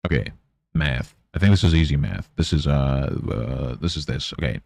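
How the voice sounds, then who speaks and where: A man's voice: rumbling low, normal speed, vocal fry, a little mellow, no room sound. A man streaming, grumbling, swearing and muttering to himself about his setup. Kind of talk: casual livestream chatter.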